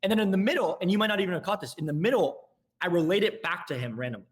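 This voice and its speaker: A young man, a guest on a casual podcast, explains sales tactics in a lively way and acts out both sides of a call. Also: sits high. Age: young adult. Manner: rapid, animated explaining, acting out both sides of calls.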